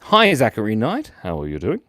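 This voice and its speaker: A man's voice: on the low side, huge pitch swings, fairly quick, a bit bright, dry recording, studio quality. An Australian man hosting a live drawing stream, chatting casually and joking as he reads out viewer comments. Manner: playful and jokey, reading out viewer chat.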